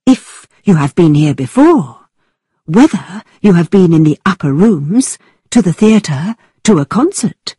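A woman voicing a witty young gentleman who speaks in a mock-formal, teasing manner, in a storybook reading. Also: lowish voice, sing-song, measured pace, slightly rough, dry recording, heavily acted. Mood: playful, theatrical.

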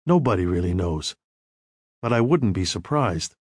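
A man voicing a guarded, wry young American ex-soldier in an audiobook, calm and dryly humorous. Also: deep voice, normal speed, husky, no echo, studio quality, voice pushed down. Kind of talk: audiobook character reading.

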